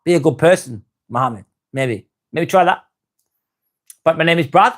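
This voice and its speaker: Calm East Lancashire man, live chat. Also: on the high side. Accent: East Lancashire English. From North West England. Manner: calm, unhurried, winding down, calls people mate. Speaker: live stream host. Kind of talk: relaxed live stream chat reading viewer comments.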